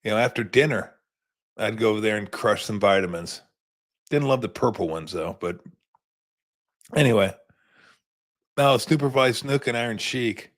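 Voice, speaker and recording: A man's voice: on the low side, measured pace, long pauses. A man in his fifties hosting a sports show, telling rambling stories in a laid-back, casual postgame chat.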